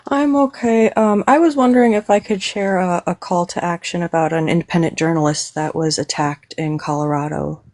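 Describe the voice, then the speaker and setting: A caller on a livestream sharing a call to action, speaking earnestly and haltingly with many "um" fillers. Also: medium pitch, darkish tone. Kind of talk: call-in announcement.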